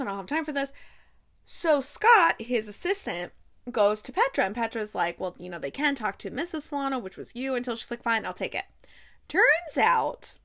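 A young woman chats through a TV season recap in a casual, animated way. Her voice sits a bit high and rings bright and forward. She slips into quieter, softer tones whenever she quotes the characters. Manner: animated retelling, quoting characters in soft voices. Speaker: podcast host recapping a TV show. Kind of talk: casual chat.

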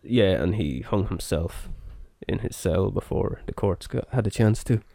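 A man's voice: low-pitched, expressive, measured pace, vocal fry, dark tone, no echo, studio quality. A man hosting a podcast in casual chat, chatty with many fillers. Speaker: podcast host.

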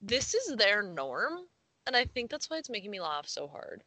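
A woman's voice: medium pitch, sing-song, normal speed, sharp tone, no echo, poor audio. A young woman co-hosting a casual podcast, reading a news story aloud with frequent giggles and casual swearing. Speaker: podcast co-host.

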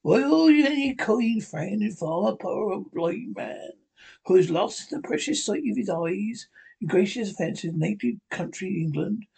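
Cruel blind old beggar, read by a man: wheedling sing-song over cold menace, higher gravelly voice. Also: expressive, a little slow, darkish tone, full character voice.

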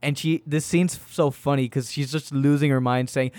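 A man's voice: fairly high pitch, fairly even intonation, moderate pace, dry recording. Profane, rambling young man, dry sound. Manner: rambling, profane, laughs while telling. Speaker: podcast co-host reviewing a movie. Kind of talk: casual chat.

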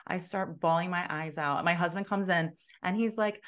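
A woman speaks as a podcast guest, telling her story in a casual interview. Her voice sits a little low. She is emphatic and moves from hushed moments to loud ones. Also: brisk. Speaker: guest, business owner and coach.

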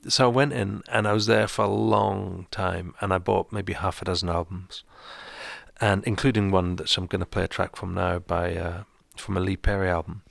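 A man hosting a radio show, casually chatting with a co-host and telling a relaxed story with chuckles. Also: low voice, moderate pace, gravelly, no echo.

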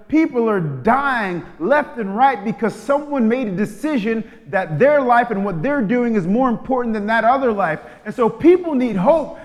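A man delivering a sermon as a preacher in a casual, slangy way, swinging between loud emphatic lines and soft hushed asides. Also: very high voice, lively intonation, normal speed, hardly any pauses. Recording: long hall reverb.

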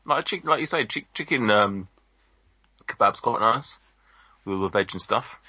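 A man chats casually as a podcast co-host, his low voice bright and pushy, wandering through his points with plenty of ums. The recording is dry and dull, like lo-fi podcast audio. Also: lively intonation, moderate pace, breathy edge, no room sound. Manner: rambling, chatty, lots of ums and restarts. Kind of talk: casual chat.

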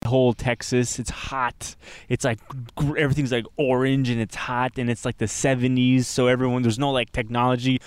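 A man co-hosting a casual podcast, caught mid-story as he rambles along with plenty of fillers and animated bursts. He sits at a mid pitch, and the sound is dry and close. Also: brisk, few pauses, clean tone, dry recording. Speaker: podcast co-host. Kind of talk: casual chat. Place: outdoors in a cemetery.

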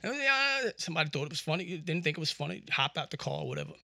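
Bright, rambling male podcast host. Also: fairly high pitch, fairly even intonation, rapid-fire, creaky, no echo, studio quality. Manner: rambling, jokey storytelling with many fillers. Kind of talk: casual monologue. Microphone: USB podcast microphone.

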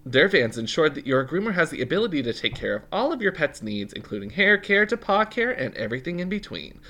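A man's voice: mid-range voice, bright, forceful tone. A man co-hosting a casual podcast, joking around and reading a sponsor ad. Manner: playful, jokey interjections. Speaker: podcast co-host. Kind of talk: casual chat and ad read.

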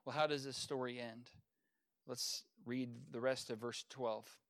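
A man preaching a sermon as pastor, earnest, with sudden swells in loudness. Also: mid-range voice, steady tone, a little slow. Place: church service.

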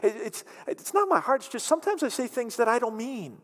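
A man's voice: very high voice, big pitch swings, a little fast, fairly bright tone, pitched above the performer's own voice, heavily acted. A man voicing a defensive adult man who stammers as he protests that he is innocent. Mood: protesting. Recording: long reverb of a large hall.

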